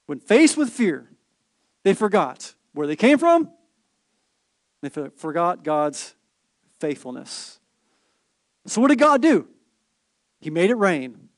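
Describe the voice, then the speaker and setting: Pastor, man, high and very animated delivery, playful preaching with rhetorical questions. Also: takes it slowly, pauses often, no room sound, studio quality. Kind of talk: sermon.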